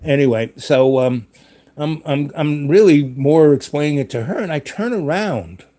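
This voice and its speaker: A man hosting a live chat, telling a rambling story in a casual way, full of pauses and restarts. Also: on the high side, lively intonation, warm tone. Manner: rambling, with many fillers and restarts.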